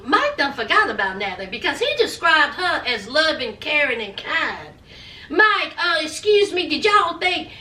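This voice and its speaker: A woman's voice: sits high, pushed and bright, echoey room, recorded from a distance. A woman giving sassy, dramatic commentary in a TV recap vlog, full of folksy slang. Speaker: reality TV recap vlogger.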